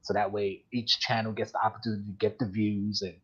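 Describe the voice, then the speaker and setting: A man's voice: fairly low pitch, level tone, fast, a bit bright, breathy edge. A man hosting a live collectibles show, talking casually in a rambling, chatty way and laughing often. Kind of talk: casual live-stream chat. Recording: dull lo-fi stream audio.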